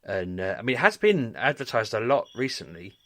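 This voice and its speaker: A man's voice: medium pitch, very animated, a little fast, a bit bright, no room sound, clean studio sound. A man co-hosting a podcast, chatting in a rambling, self-mocking way. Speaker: podcast co-host. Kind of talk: casual chat.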